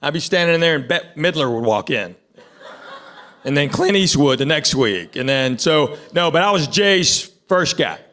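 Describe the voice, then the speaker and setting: A man's voice: a little high, expressive, moderate pace, fairly bright tone. Man doing stand-up. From Tennessee, USA. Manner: casual, joking storyteller addressing the crowd. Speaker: stand-up comedian. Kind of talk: stand-up comedy set. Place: comedy theater stage.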